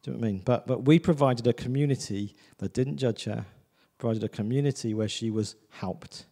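Guy preaching in church, chatty and casual, warm mellow voice, keeps checking in with the crowd. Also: medium pitch, brisk, vocal fry, long reverb tail. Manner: conversational, repeats "do you know what I mean". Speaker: visiting preacher. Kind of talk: sermon.

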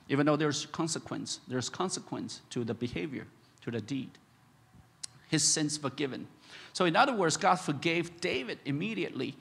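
A man pastor preaching a sermon, repeating his phrases and rising loud and high when impassioned. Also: lively intonation, moderate pace, vocal fry, slightly rough. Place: church sanctuary. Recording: echoey church hall.

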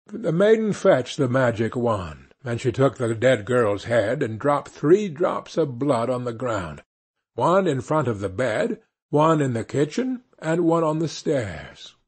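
A man narrating a fairy tale audiobook with slow, expressive storytelling. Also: mid-range voice, breathy edge.

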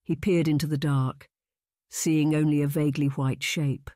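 An audiobook narrator reading a period romance aloud in an even, measured manner. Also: mid-range voice, no echo, studio quality. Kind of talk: scripted narration.

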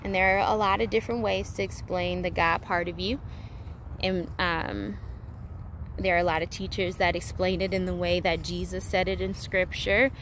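A woman giving a casual spiritual talk, rambling with many fillers and restarts, playful and animated. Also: lowish voice, moderate pace, slight background noise. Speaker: spiritual teacher.

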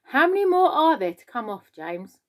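A woman's voice: high-pitched, sing-song, moderate pace, voice pushed up. A woman voicing a boastful, cheeky male giant centipede in a children's storybook reading. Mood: gleeful. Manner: loud, gleeful, boasting.

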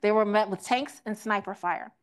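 A woman's voice: mid-range voice, moderate pace, clear, resonant tone. Woman quizzing a teach-in crowd. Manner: asks the audience questions; acts out quoted voices. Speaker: teach-in speaker. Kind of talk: interactive classroom lecture.

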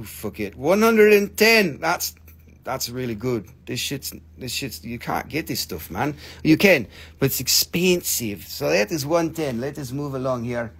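Gravelly joking man selling gems live. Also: mid-range voice, fairly bright tone. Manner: chatty, joking, swears, non-native phrasing. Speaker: live sale host. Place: gem shop studio.

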